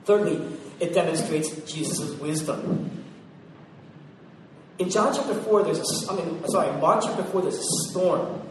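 A man preaching a sermon, emphatic, repeating phrases for weight and swinging from loud to hushed. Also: a little high, moderate pace. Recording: very echoey hall, heard from far off, noisy.

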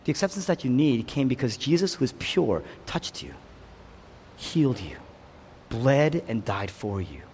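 A man preaching a sermon with passion, rising to loud peaks and dropping to hushed lows. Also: sing-song, measured pace, slight background noise. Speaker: pastor. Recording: long hall reverb.

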